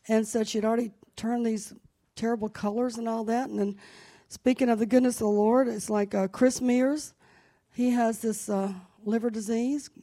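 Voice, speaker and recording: A woman speaks to a church congregation in a slightly high, mellow voice. She tells personal stories in a loose, chatty way. When she turns to prayer, she grows fervent and commanding. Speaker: church leader. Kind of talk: conversational sermon with testimony. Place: church sanctuary.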